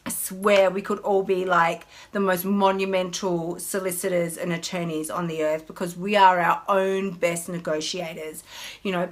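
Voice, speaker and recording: A woman, a health coach chatting casually on a live stream in an animated way. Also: fairly low pitch, moderate pace. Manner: chatty, animated, mimics whiny inner voices.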